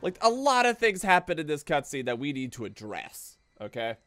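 Excitable man swearing through gameplay. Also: a little high, moderate pace, soft background music. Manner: excitable, profane, joking. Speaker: streamer. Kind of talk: casual gameplay commentary.

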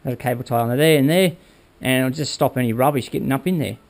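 A man's voice: medium pitch, quick pace, a little mellow. Chatty man explaining his bike build. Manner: rambling, hands-on, addresses viewers with "all right?". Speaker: motorbike build vlogger. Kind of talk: casual workshop how-to talk.

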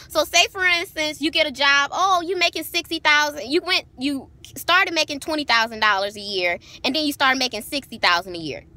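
A woman's voice: high-pitched, no room sound. Blunt, profane woman venting in a vlog. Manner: blunt, profane, animated storytelling. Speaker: vlogger. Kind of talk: casual vlog rant.

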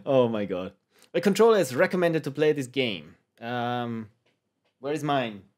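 A man's voice: medium pitch, lively intonation, takes it slowly. A man hosting a let's play, joking playfully and thinking aloud as he tries out a game. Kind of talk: game commentary.

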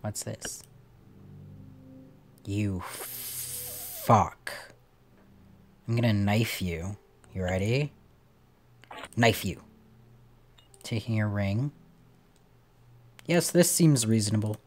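A man's voice: fairly low pitch, takes it slowly, long pauses, darkish tone, slight background noise. A man giving playful let's play commentary on a puzzle game, swearing casually and chatting to the characters on screen. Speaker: gamer playing a puzzle game.

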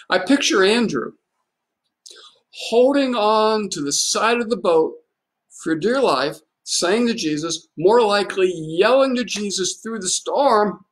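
A man's voice: high voice, animated, slow pace. A man preaching a livestreamed sermon in an easygoing, conversational manner. He tells the story in plain, homely terms and keeps posing rhetorical questions to the congregation. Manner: conversational and folksy. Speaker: pastor.

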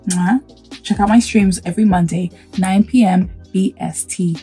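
A woman with a husky voice, talking casually in a gaming reaction vlog and breaking into excited exclamations before rambling on. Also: mid-range voice, normal speed, soft background music. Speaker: gaming YouTuber.

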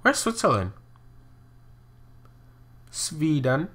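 A young man talks through a geography guessing game in a loose, chatty way, often exclaiming and poking fun at himself. His voice is very bright, with a lively, swooping pitch, and he takes his time between phrases. Keyboard clicks and typing sit behind him. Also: slow. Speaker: gaming video host. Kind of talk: casual gameplay commentary.

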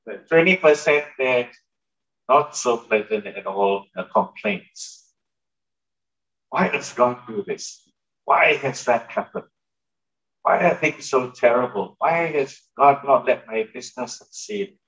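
A man's voice: medium pitch, animated, slow, a bit bright, highs cut off. A male pastor giving a sermon in a conversational way, turning to the congregation with asides and questions. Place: church hall.

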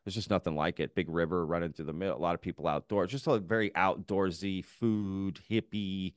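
A man's voice: low-pitched, steady tone, fairly quick, dry recording, studio quality. A man who hosts his own podcast, talking as a guest in an enthusiastic, laid-back way. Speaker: podcast host appearing as a guest. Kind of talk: casual conversation.

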